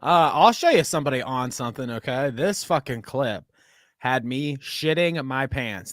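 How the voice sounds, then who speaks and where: A man's voice: mid-range voice, expressive, moderate pace, a bit bright, no echo, clean studio sound. A man hosting a casual comedy podcast, rambling and laughing between his sentences. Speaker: podcast host. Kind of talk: casual chat.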